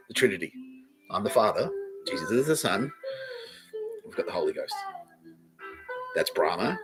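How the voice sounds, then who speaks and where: A man's voice: lowish voice, rough recording. An Australian man hosting a comedy podcast, rambling through a profane monologue and laughing mid-sentence.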